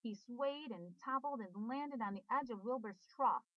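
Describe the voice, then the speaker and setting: A woman reading a children's storybook aloud in an expressive, sing-song way. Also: on the high side, moderate pace, no echo. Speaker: storybook reader. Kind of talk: children's book read-aloud. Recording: dull dry recording.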